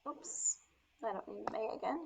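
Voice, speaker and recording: A woman teaching Spanish verb forms step by step while writing them out, talking through each change slowly and sometimes dropping to a soft murmur as she writes. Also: fairly high pitch, gravelly, background noise. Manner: slow, step-by-step explaining. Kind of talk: explaining grammar while writing.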